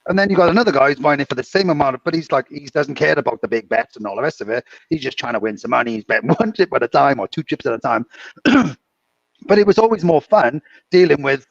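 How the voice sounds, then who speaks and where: A man's voice: fairly high pitch, lively intonation, quick pace, gravelly, dry recording. A man chatting casually as a podcast co-host, rambling and chuckling through his stories. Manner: rambling, chuckling storyteller with filler words. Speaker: podcast co-host, casino dealer. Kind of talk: casual chat. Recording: dull muffled dry mic sound.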